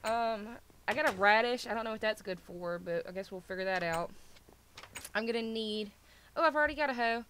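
A young woman chats casually as she plays, joking at her own expense and scolding her pets. Her voice sits a little high, with a bright edge. A faint hiss runs under the recording. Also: brisk. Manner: playful, scolds pets, self-mocking. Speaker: gaming video host. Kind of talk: casual chat while playing.

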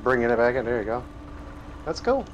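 A man playing a truck game with a friend, calmly giving driving advice. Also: mid-range voice, fairly quick, muffled recording, a little hiss or hum. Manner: calm and helpful, giving driving tips. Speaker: co-op gaming partner. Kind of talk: casual gameplay chat.

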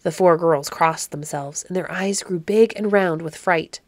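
A woman hosting a podcast and reading an old storybook aloud in a measured, gently expressive way. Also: fairly low pitch, no echo. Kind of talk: storybook read-aloud narration.

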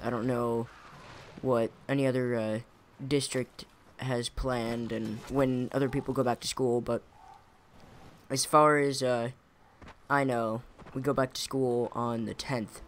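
Slow, rambling young gamer guy. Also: medium pitch. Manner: rambling, self-correcting, chuckling. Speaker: gaming YouTuber. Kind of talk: casual gameplay commentary. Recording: audible background noise.

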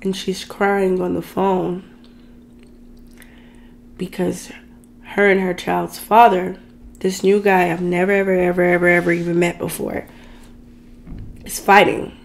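A woman's voice: on the low side, level tone, measured pace, creaky, long pauses, slight background noise. A woman vlogger telling a dramatic personal story in a chatty, ranting way, talking straight to her viewers. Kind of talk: casual storytime rant.

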